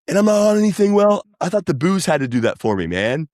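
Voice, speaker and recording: A man, chatting casually as a podcast guest, rambling and animated. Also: on the high side, fast talker, few pauses, no room sound, studio quality. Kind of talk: casual chat.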